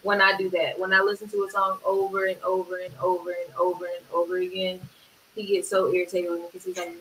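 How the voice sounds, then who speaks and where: A woman, a music producer, chatting casually in an interview, agreeable and quick to chime in. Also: lowish voice, level tone, a bit bright. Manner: agreeable, talks in quick bursts, many "yeah"s. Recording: roomy, distant mic with faint hiss.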